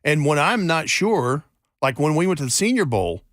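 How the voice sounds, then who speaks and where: A man co-hosting sports radio with a lively, bouncing delivery that swings up and down as he tells his stories. His voice sits a little high for a man and sounds dry and close on the studio mic. He comes across as emphatic and chatty. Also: normal speed, no echo. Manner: animated, emphatic storyteller. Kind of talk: casual sports radio banter.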